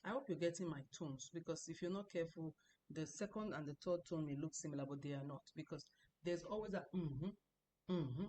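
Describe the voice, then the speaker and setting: A woman teaching a language lesson, explaining patiently, repeating example sounds slowly and often restarting her sentences. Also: low voice, dark tone, slight background noise. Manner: frequent restarts and stammering. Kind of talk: recorded online lesson.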